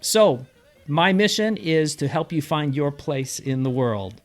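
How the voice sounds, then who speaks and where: A middle-aged man with a Minnesotan accent talks casually to camera, his voice sitting a little high for a man. He is playful and breaks into a sing-song tone when he acts out local sayings. Soft music plays quietly under his voice. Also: lively intonation, a little slow. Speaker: real estate agent. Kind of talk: casual explainer video.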